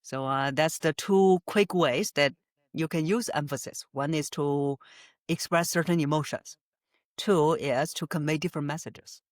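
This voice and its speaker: A woman's voice: deep voice, measured pace, no echo, studio quality. A woman voice coach answering interview questions, explaining with frequent "uh" fillers and light laughs. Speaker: voice coach guest.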